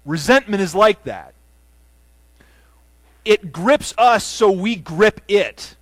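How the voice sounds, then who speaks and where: A man preaching a sermon as pastor, earnest, building to emphatic runs and dropping to soft, low endings. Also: dry recording. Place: church sanctuary.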